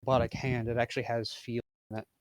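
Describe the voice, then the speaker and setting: Game master, man, halting delivery with fillers, dry recording. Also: mid-range voice, level tone, dry recording. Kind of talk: narrating a tabletop game.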